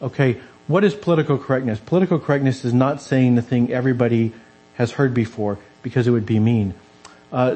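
A man's voice: medium pitch, a little mellow, poor audio. A man preaching a conversational sermon in a church, acting out the quoted voices as he goes.

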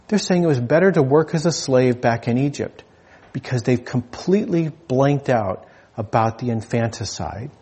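A husky male preacher delivers a sermon in a loose, conversational way. He jokes with his listeners, often restarts his sentences and speaks at an everyday pitch. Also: darkish tone. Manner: conversational, humorous, with frequent restarts.

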